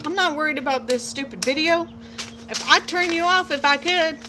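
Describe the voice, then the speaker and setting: A woman's voice: high voice, normal speed, background noise. A woman in her late thirties from Portland, Oregon, chatting casually and rambling in a folksy way while she works, recorded on a phone outdoors. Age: 30s. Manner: rambling, folksy, drifts into a playful southern drawl. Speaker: vlogger. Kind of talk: casual chat while crafting. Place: outdoors at home. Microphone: phone nearby.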